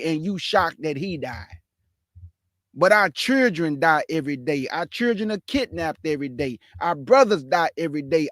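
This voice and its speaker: A man hosting a reaction show, scolding and mocking a clip in loud, lively commentary. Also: a little high, moderate pace, dry recording, studio quality.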